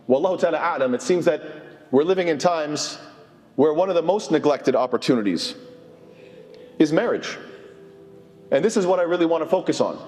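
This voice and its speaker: A man's voice: a little high, a little mellow. A man giving an earnest mosque sermon, sprinkling in Arabic phrases. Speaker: imam. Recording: long hall reverb.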